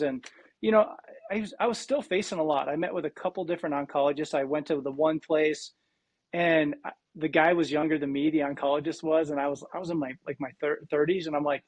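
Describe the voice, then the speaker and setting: Male guest, 40s, from South Dakota; slightly raised pitch, dry close mic, animated storyteller. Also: no echo. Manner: animated, frequent restarts and quoted dialogue. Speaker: guest, cancer survivor. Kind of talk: casual storytelling interview.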